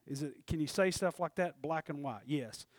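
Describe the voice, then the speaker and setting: A man's voice: a little high, moderate pace, dry recording, clean studio sound. A man preaching a folksy, conversational sermon, often checking in with the congregation.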